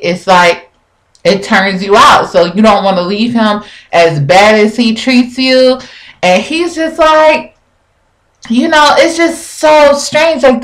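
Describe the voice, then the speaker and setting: A woman's voice: mid-range voice, fairly bright tone, poor audio. A woman vlogger chatting casually from her bathroom at home, rambling with lots of fillers. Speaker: vlogger reviewing a TV show. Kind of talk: casual chat.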